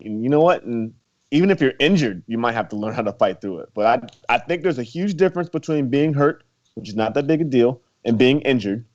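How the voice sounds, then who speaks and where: A young man with a college wrestling past guests on a casual interview, his medium-pitched, a little mellow voice lively in intonation and a little fast. Relaxed and laughing frequently, he scatters "you know" and "like" throughout; the sound is muffled and lo-fi.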